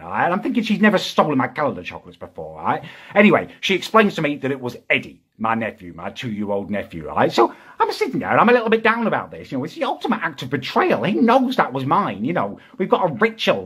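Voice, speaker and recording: Young man, husky voice, exasperated comic rant, pitch leaps all over. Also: fairly bright tone. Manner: exasperated, indignant ranting with sudden high outbursts. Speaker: comic ranting character. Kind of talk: comedic rant to camera.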